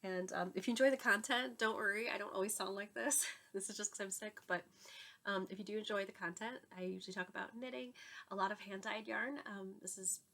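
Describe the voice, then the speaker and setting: A woman's voice: mid-range voice, steady tone, fairly quick, fairly bright tone. Congested, nasal woman chatting casually. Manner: chatty, laughs often, apologetic. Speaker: knitting podcast host and yarn dyer. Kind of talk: casual chat to camera. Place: home room with yarn shelves behind.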